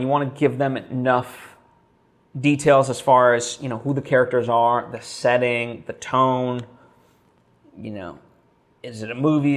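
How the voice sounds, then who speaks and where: A man talking straight to camera in a casual vlog, thinking aloud with lots of fillers and restarts. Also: medium pitch. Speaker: vlogger.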